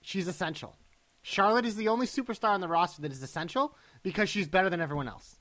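A man's voice: sits high, fast, pushed and bright. A man hosting a podcast in casual chat, teasing his co-host and laughing often.

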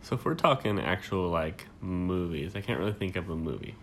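A deep-voiced man in his thirties tells stories in a loose, casual chat. His tone is bright and clear for such a low voice. He swears freely and keeps it laid-back, with faint room noise behind him. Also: expressive, fairly quick. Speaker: co-host.

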